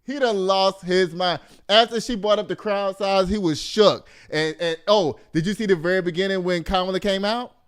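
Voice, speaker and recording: A man from Texas hosts a loose commentary show. His voice sits high and comes across smooth and clean. He talks in an animated, mocking way, swearing freely and laughing often. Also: fairly quick. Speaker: host. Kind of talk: casual commentary.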